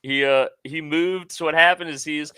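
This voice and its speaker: Animated, opinionated man in casual chat. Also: on the high side, moderate pace, clear, resonant tone. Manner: animated, opinionated, laughs between points. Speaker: co-host.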